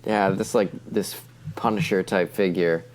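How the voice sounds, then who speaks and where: A man's voice: sits low, steady tone, measured pace. A man co-hosting a casual comic book podcast, chiming in with short quips and agreement. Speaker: podcast co-host.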